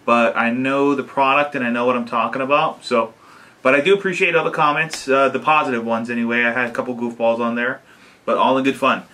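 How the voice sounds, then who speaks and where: A man casually talking to his camera about a home-made prop, unhurried, with lots of fillers and restarts. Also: medium pitch, fairly even intonation, pushed and bright. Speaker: DIY maker vlogger. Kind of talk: casual explanatory vlog. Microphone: camera mic.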